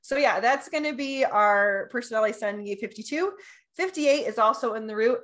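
A woman co-hosting a casual astrology chat, bubbly and easily excited, often breaking into laughter and delighted exclamations. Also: on the high side, brisk. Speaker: podcast co-host.

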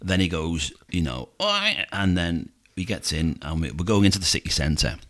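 A middle-aged Liverpool man with a thick Scouse accent and a very deep voice. He tells taxi stories in relaxed podcast chat, throwing himself into the voices of his passengers. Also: moderate pace. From Liverpool, England. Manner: animated storyteller who acts out voices. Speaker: podcast host, taxi driver. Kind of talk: casual storytelling chat.

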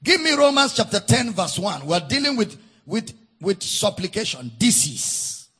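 Man, pastor, sermon, slow and lively delivery, shouted sung emphasis, repeated phrases, church service. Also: high-pitched, breathy edge. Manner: preaching with sung, shouted emphasis and drawn-out words.

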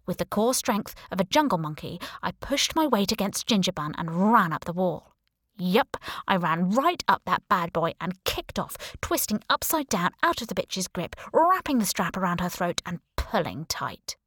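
A woman's voice: on the low side, sing-song, normal speed, fairly bright tone, dry recording, studio quality. A woman reading a first-person story aloud as an audiobook narrator, with a wry, sarcastic delivery.

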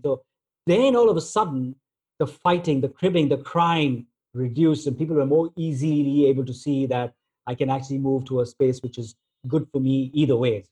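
A man giving a relaxed storytelling talk, using plenty of filler words as he tells everyday examples. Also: mid-range voice, a little fast, husky. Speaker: speaker on negotiation.

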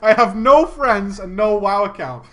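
A man's voice: high-pitched, unhurried. A man reading a gaming story aloud and riffing on it with comic commentary, laughing often and swearing freely.

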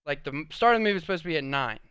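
A man's voice: a little high, rapid-fire, clear, resonant tone, no echo. A young man co-hosting a podcast, telling stories in casual chat and acting out the people he quotes. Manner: animated storyteller, acts out quotes. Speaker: podcast co-host.

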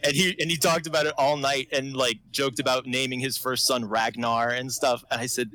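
A man's voice: mid-range voice, little pitch movement, fairly quick, hardly any pauses, sharp tone, no room sound, rough recording. A man chatting casually as a podcast host, telling a rambling story and laughing often. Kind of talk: casual chat.

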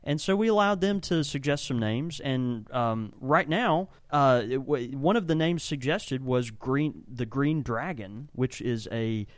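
A man's voice: medium pitch, lively intonation, unhurried, hardly any pauses, no room sound. Rambling, enthusiastic male podcast co-host. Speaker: podcast co-host and tobacco shop blender. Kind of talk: casual chat. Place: tobacco shop.

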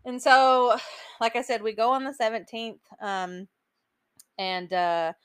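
A woman's voice: a little high, fairly even intonation, slow pace, clear, resonant tone, dry recording. A woman hosting a podcast, telling a personal story in a casual, emotional way, with many "like"s and "um"s. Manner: chatty, emotional storytelling full of "like" and "um". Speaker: podcast host.

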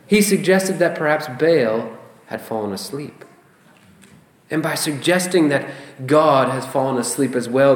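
A man preaching in a church sanctuary, his somewhat high voice carrying through a roomy, echoing space. He delivers his sermon expressively, leaning on emphatic rhetorical questions. He speaks as a pastor addressing his congregation. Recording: roomy echo.

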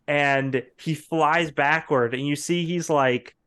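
A man narrating as game master of a tabletop role-play game, halting and full of fillers, often breaking into laughter. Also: on the high side, steady tone, fairly bright tone, smooth.

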